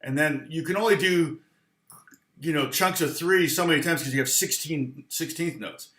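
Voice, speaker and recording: A man's voice: on the high side, moderate pace, a bit bright, roomy sound. A man teaching guitar in a loose, rambling live lesson, humming rhythms aloud between explanations.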